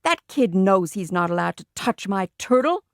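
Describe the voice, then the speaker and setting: A woman narrating a children's book in the first person, telling it in a lively way. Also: mid-range voice, moderate pace, no echo, studio quality. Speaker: audiobook reader.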